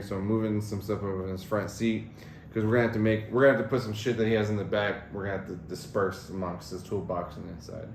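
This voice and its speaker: Low-voiced man, casual podcast banter. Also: steady tone, quick pace. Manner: profane, storytelling, laughing often. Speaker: podcast co-host. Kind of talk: casual chat. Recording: echoey room with noise.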